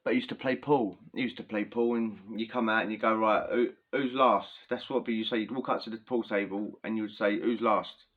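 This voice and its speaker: A man's voice: on the low side, fast, hardly any pauses. Slangy man telling stories, dull audio. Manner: chatty and animated, heavy slang, laughs while telling. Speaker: former prisoner telling prison stories. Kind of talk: casual storytelling to camera.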